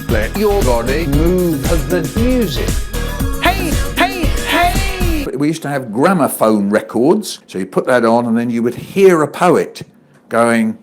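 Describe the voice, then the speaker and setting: An older man with a British English accent, telling stories in a playful, expressive way. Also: fairly high pitch. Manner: animated, playful storyteller. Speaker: children's author and poet. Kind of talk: expressive storytelling, chopped into a comedy edit.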